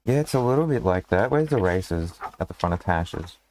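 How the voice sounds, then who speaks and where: A man's voice: low-pitched, animated, brisk, a little mellow, a little hiss or hum. A man running a tabletop game as game master, in a rambling, casual way full of fillers and restarts.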